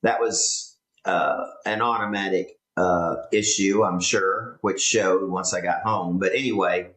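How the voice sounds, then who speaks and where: A man co-hosting a podcast, talking in a relaxed, halting way with many fillers. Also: deep voice. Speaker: podcast co-host. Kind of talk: casual chat. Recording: roomy echo.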